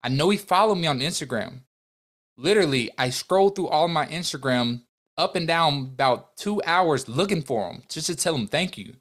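A man's voice: fairly high pitch, animated, moderate pace, a bit bright. A young adult man, a podcast guest and business owner, telling a heartfelt story in an earnest, emotional way, full of restarts and quoted dialogue.

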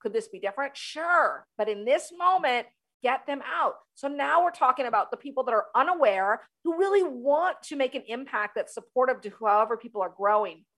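A woman hosts her own leadership show, talking straight to listeners. Her voice sits a little high, and she keeps the energy up, hammering her points home by repeating them. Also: fairly quick. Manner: energetic, emphatic, repeats key phrases. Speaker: show host, leadership coach. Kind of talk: solo talk show monologue.

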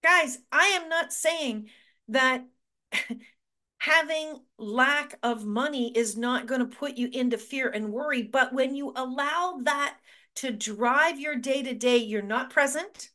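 A woman with a fairly high voice hosts a motivational talk show. She speaks in an earnest, emphatic way and hammers points home by repeating words. She sounds middle-aged. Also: slow pace, pushed and bright. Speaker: show host.

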